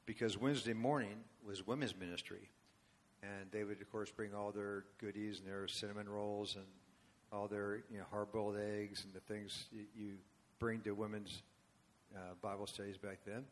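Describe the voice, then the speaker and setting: A man's voice: lowish voice, steady tone, normal speed, a little hiss or hum. A man in his seventies, a worship leader speaking to a church congregation, telling a long story with casual asides. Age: 70s. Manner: rambling and conversational, asides to the congregation. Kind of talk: storytelling sermon.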